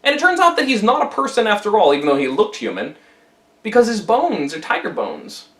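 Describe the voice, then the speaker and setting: A man retells a classic tale in a casual, playful manner. His voice is high and bright, and its pitch swoops constantly. The room adds a noticeable echo. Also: brisk. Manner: animated and playful. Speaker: storyteller.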